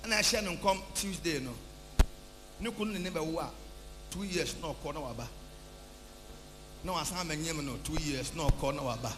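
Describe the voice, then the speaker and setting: A prophet leading a church service shouts and half-sings a charismatic sermon, switching between Twi and English and mixing in testimony from the congregation. His voice is on the high side, at a moderate pace with frequent pauses, in an echoey church hall with background hum.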